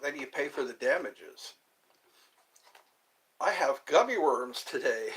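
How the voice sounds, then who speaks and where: A man's voice: medium pitch, lively intonation, slow, a bit bright, breathy edge, poor audio. A man live-streaming in a casual chat, reading viewer comments aloud and rambling playfully with frequent giggles.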